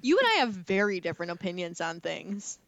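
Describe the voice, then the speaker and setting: A woman co-hosting a podcast in casual movie chat, chatty and animated, with playful indignation. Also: lowish voice, fairly quick, creaky, muffled recording.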